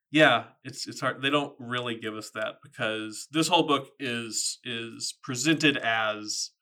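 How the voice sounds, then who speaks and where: A man's voice: mid-range voice, creaky, bright, forceful tone. A man in his thirties co-hosting a book podcast, chatting in a thoughtful, casual way. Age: 30s. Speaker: podcast co-host. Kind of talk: casual book-discussion chat.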